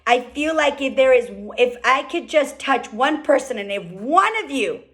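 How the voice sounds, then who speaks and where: Fired-up high-voiced woman. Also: expressive. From California. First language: Spanish. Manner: fired-up, fast, repeats "okay?" often. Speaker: team leader speaking on a group call. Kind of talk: motivational business talk. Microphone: call microphone.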